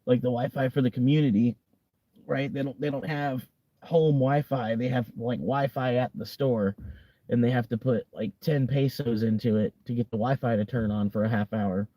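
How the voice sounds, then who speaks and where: A man's voice: medium pitch, steady tone, normal speed, warm tone, no echo. A young American man chatting casually on a livestream, rambling with lots of fillers and frequent laughter. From United States. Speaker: livestream host.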